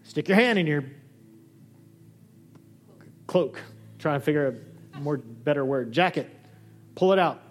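A man preaching a sermon as a pastor, animated, acting out the dialogue he quotes. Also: measured pace, pauses often, soft background music. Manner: lively, acts out quoted dialogue with shifting pitch. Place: church hall.

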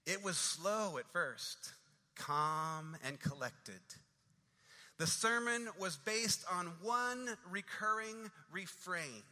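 A man's voice: high-pitched, lively intonation, slow, sharp tone. A man preaching a sermon, building dramatic rhythmic refrains that swell and fall. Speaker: pastor. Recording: long reverb of a large hall.

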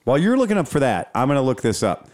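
A man's voice: mid-range voice, wildly swooping pitch, racing, darkish tone. A man hosting a podcast in casual, rambling chat, swearing freely and often restarting his sentences. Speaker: podcast host.

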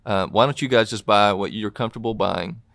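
A man's voice: on the low side, brisk, vocal fry, fairly bright tone, no room sound, studio quality. A man who leads a church, talking earnestly and reflectively about answered prayer in a casual interview. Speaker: pastor.

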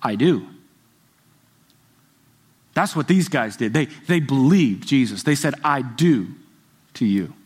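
A man's voice: medium pitch, animated, measured pace, breathy edge. A man preaching a sermon as a pastor, earnest and repetitive, building emphasis as he speaks. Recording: music playing behind the voice. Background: soft guitar music.

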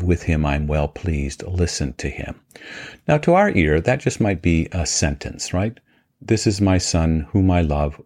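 Low-voiced man explaining scripture slowly. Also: a little mellow. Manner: measured, explanatory, frequent uh fillers. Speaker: pastor. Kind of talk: scripture teaching vlog.

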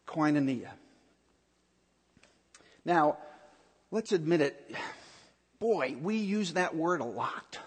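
A man with a rather high voice preaches at an unhurried pace. He delivers a sermon in an earnest, emphatic manner, circling back to repeat his key points, while his voice rings out with a long reverb like a large church hall. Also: slightly rough. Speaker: pastor.

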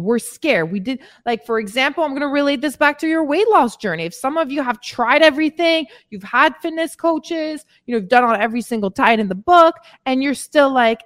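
A woman's voice: high-pitched, fairly bright tone. A woman fitness coach talking candidly and casually to her listeners in a motivational podcast, calling them ladies and swearing now and then. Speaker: weight-loss fitness coach.

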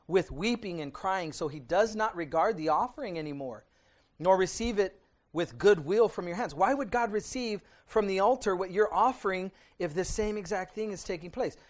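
A middle-aged male pastor with a high voice preaches a sermon in a conversational, back-and-forth way. He turns to his listeners often, then drops into quiet intensity before rising again to loud emphasis. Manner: conversational preaching, asks the congregation "right?" often. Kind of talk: midweek sermon with Bible reading.

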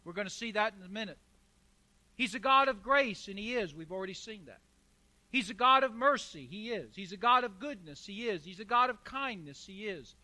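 A man's voice: sits high, animated, moderate pace, bright, forceful tone. A man preaching a sermon as pastor, emphatic, with rhetorical questions and repeated phrases.

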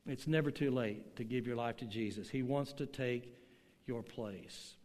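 A man's voice: medium pitch, darkish tone. Older male pastor preaching in a reverberant hall. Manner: slow, emphatic storytelling with dramatic pauses. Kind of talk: sermon. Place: church hall with online audience.

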